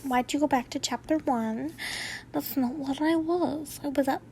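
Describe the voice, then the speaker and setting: High-voiced woman reading fanfiction aloud. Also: normal speed, mellow, a little hiss or hum. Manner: chatty, laughs, comments on the story. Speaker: fanfiction reader. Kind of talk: casual story reading.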